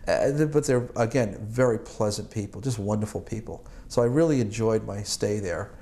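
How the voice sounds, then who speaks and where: A man's voice: lowish voice, moderate pace, dark tone. A man in his sixties from Boston, an Army veteran recalling his service in an oral history interview, rambling and chuckling with many fillers and restarts. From Boston, United States.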